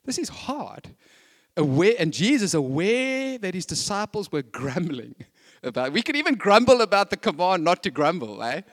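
A man's voice: high-pitched, sing-song, moderate pace, fairly bright tone. A man preaching a sermon in a chatty, conversational way, full of casual asides.

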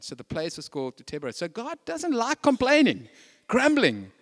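A man's voice: very high voice, huge pitch swings, moderate pace, a bit bright. A man preaching a sermon in a chatty, conversational way, full of casual asides.

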